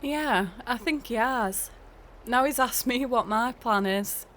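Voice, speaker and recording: A woman playing a friendly young farm worker, chatting calmly in a game role-play. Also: a little high, slow pace, slight background noise.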